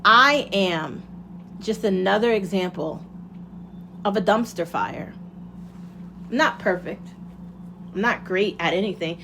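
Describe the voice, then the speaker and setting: A woman's voice: medium pitch, takes it slowly, pauses often, background noise. A woman hosting her own show, talking through a casual motivational monologue in a candid, rambling way and swearing freely. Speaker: podcast host.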